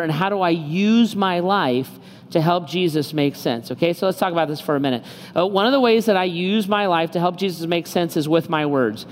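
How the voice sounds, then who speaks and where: A male pastor delivers a sermon in a loose, joking, conversational manner, weaving in personal stories. His voice rings with long reverb in a large church space. Faint ambient noise sits underneath. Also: on the high side. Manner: conversational and joking, with rhetorical questions.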